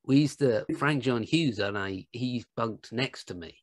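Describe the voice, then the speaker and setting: A man's voice: medium pitch, measured pace. A man joking, swearing and laughing in casual chat with castmates, heard over a video call. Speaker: actor on a cast reunion panel.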